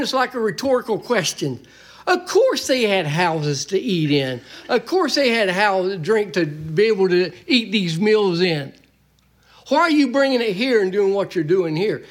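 A man's voice: sits high, very animated, normal speed. A man preaching a sermon in a church, folksy and emphatic, joking with the congregation.

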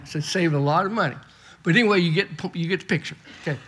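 Folksy preacher, high-ish voice. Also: male voice, quick pace, a bit bright, husky. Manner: folksy, repeats and restarts words. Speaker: pastor. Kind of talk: sermon. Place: church.

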